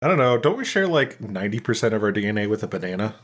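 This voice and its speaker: Lively low-voiced man cracking jokes. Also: rapid-fire. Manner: wry, joking asides with crude humor. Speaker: podcast co-host. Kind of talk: casual podcast chat.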